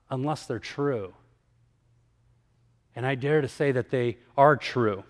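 Animated male preacher telling stories in a hall. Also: mid-range voice, slow, long pauses. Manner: animated storyteller, acts out dialogue. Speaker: evangelist speaker. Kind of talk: sermon-style storytelling talk.

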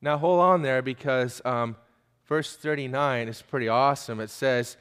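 A man's voice: medium pitch, unhurried, long pauses, a bit bright, smooth. A male preacher giving an emphatic sermon, pressing his listeners with pointed questions. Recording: long hall reverb.

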